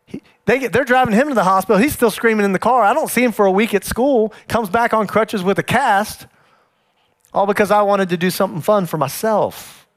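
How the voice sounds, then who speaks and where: A man who is a pastor, telling personal stories in a sermon and acting out the scenes with animated energy. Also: high voice, fairly quick.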